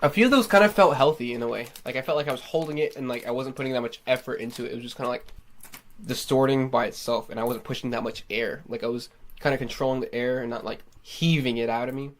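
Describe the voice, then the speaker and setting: A man's voice: mid-range voice, fast, a little hiss or hum. A man vlogging casually from his home recording studio, talking loosely with lots of "like" and free swearing. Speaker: singer-songwriter vlogger.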